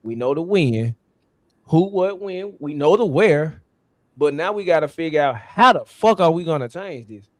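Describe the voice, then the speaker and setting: A man's voice: on the high side, expressive, normal speed. A man as a guest in a casual conversation, talking loosely and trailing off while he searches for the right words.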